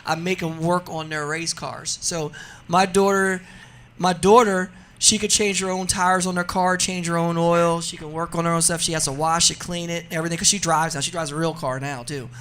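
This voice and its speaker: Animated, bright-voiced man telling stories. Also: on the high side, moderate pace. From New Jersey. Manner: animated, laughing storyteller. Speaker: guest, drag racer. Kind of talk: casual radio interview storytelling.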